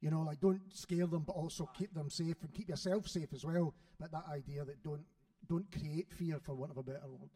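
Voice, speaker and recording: Mellow-voiced male interviewer. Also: on the high side, steady tone, a little fast. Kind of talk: interview questions. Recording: distant mic.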